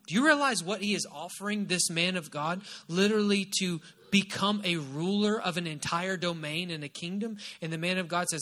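A man's voice: high voice, normal speed, few pauses, a bit bright. A man preaching a sermon, retelling a Bible story with emphatic repetition. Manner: emphatic and repetitive, stressing key phrases.

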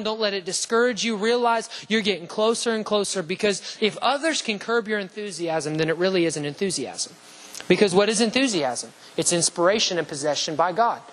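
A man preaching a sermon with passion, using repeated rhetorical lines and rising toward shouts on key phrases. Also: high voice, rough recording. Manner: repetitive rhetorical lists and questions.

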